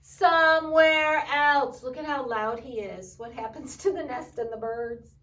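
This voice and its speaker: Gentle librarian reading to children. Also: female voice, a little high, moderate pace, recorded from a distance. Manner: gentle, asks children questions.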